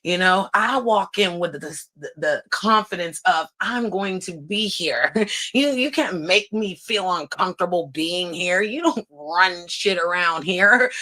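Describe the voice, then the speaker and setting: A woman's voice: mid-range voice, sharp tone. Blunt, sarcastic woman livestream host. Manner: blunt, sarcastic, laughs often, reads chat aloud. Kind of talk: casual livestream chat.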